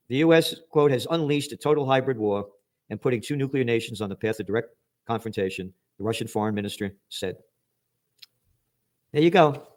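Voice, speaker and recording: A man giving an angry, sarcastic news commentary, reading headlines aloud and mocking them with profanity. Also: mid-range voice. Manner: reads headlines aloud then mocks them.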